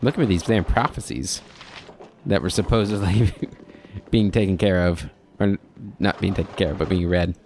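Low-voiced man narrating a game. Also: normal speed, darkish tone, a little hiss or hum. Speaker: let's play host. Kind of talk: casual gameplay commentary, reading game text aloud.

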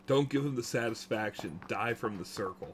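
A man's voice: lowish voice, moderate pace, background noise. A man in casual gaming chat with friends, making dry wisecracks. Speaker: gamer.

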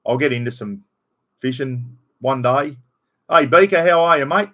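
A man's voice: medium pitch, moderate pace, fairly bright tone. An Australian man hosting a casual live stream, rambling in a matey way, greeting viewers by name and swearing bluntly. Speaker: livestream host.

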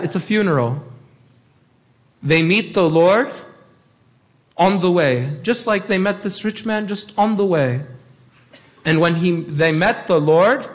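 A man, a priest giving a sermon and pressing his points by repeating them. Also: high-pitched. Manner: emphatic, repeats key phrases.

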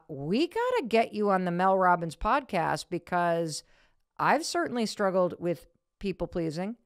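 A middle-aged woman hosting a podcast, telling a story in a casual, animated way and acting out quotes in a high voice. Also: smooth, no room sound, clean studio sound. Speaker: podcast host.

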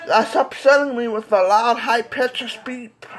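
A woman's voice: on the high side, a little slow, poor audio. A woman making a playful home recording and switching between put-on voices.

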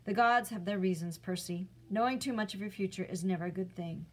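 A weary, wise old centaur teacher, as a woman reader puts him on. He speaks in a calm, measured, gently firm way, an old mentor in a storybook read-aloud. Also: mid-range voice, close to an everyday voice.

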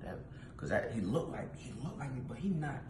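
A man's voice: mid-range voice, sing-song, brisk. A man acting in comedy sketches, brash and cocky, with streetwise slang. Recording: echoey room with loud background noise.

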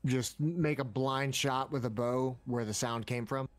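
A man's voice: mid-range voice, fairly even intonation, a little slow, no echo. Man playing a tabletop game. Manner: casual, asks rules questions, uses fillers. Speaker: player. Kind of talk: casual chat at a game table.

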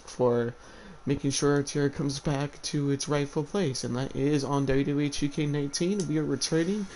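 A young man hosting a livestream of a simulated wrestling league and calling the matches play by play. He sounds slightly hoarse from a cold, talks eagerly, and often restarts his sentences. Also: on the high side, a little mellow, slight background noise, rough recording. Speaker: host of an online wrestling league stream.

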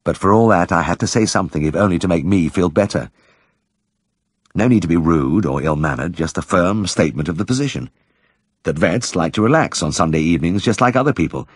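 A man narrating an audiobook in a measured, gently wry storytelling manner. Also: low-pitched, lively intonation, husky, no echo, studio quality. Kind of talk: scripted narration.

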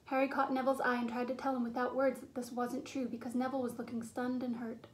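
A woman with a high voice reads a children's storybook aloud. Her narration is clear and steady. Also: fast talker, few pauses, slight background noise. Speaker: audiobook reader. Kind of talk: storybook reading.

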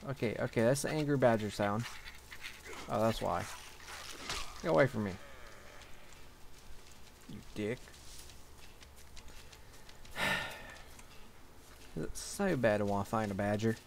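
A man's voice: lowish voice, moderate pace, creaky, pauses often, a little hiss or hum. A young man giving casual gameplay commentary, grumbling and swearing to himself as he plays. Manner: grumbling, profane, talking to himself. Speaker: gaming channel host.

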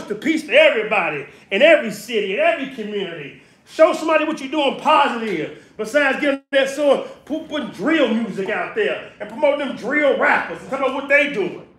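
High bright-voiced guy from california ranting on a livestream, repeats himself a lot, voice bouncing around a kitchen. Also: expressive, a little fast, few pauses. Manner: preachy, repetitive, emphatic. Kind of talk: casual livestream rant. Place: home kitchen, indoors. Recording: very echoey room, voice far off.

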